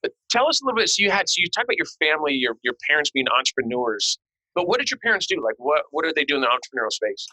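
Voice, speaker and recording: A man's voice: on the high side, big pitch swings, very fast, sharp tone, no echo, rough recording. A man hosting a podcast interview, chatting casually and telling playful, joking stories. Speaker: podcast host.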